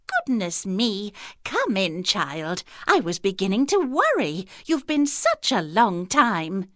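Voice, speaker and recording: A woman voicing a kindly old grandmother in a storybook, speaking slowly and fondly. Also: mid-range voice, wildly swooping pitch, no room sound, clean studio sound.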